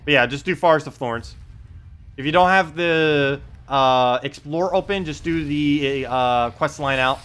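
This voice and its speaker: Speaking a little slowly in a clear, resonant voice on the high side, this game streamer casually talks through his gameplay on a live stream. He answers viewer questions in a relaxed way, thinking out loud and using lots of uh and um.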